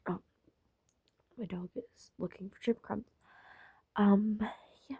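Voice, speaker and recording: A woman's voice: mid-range voice, fairly even intonation, takes it slowly, creaky, husky, no echo, dull audio. A woman vlogging casually at night from her bed, talking sleepily and often in a whisper. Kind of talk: casual late-night vlog. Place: bedroom, in bed under blankets.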